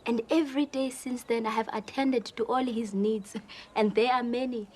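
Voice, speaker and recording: A woman's voice: a little high, fairly even intonation, moderate pace, a little mellow, slightly rough. A woman playing an earnest, polite young woman client telling her family story. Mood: troubled.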